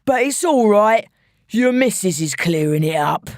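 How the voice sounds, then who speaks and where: A woman voicing a menacing male gangster with a London accent, taunting in a slow, mocking drawl. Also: mid-range voice, lively intonation, a little mellow, dry recording, clean studio sound.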